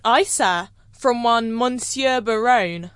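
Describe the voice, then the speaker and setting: A woman's voice: fairly high pitch, slow, a bit bright, smooth, dry recording, studio quality. A woman playing a simple young country girl asking politely for help. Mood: pleading. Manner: polite, pleading. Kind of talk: stage acting in verse.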